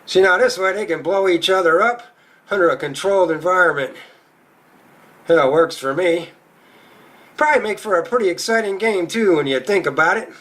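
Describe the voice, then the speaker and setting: A man's voice: sits high, normal speed, pauses often, fairly bright tone. A male stand-up comedian telling a crude, profane routine in a rowdy storytelling manner.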